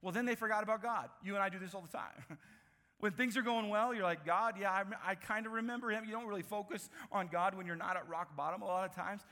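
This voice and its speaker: A man preaching a sermon, telling a Bible story with lively, acted-out voices and frequent laughs. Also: high voice, quick pace. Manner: animated storytelling, acts out voices, laughs often. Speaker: pastor. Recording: echoey hall recording.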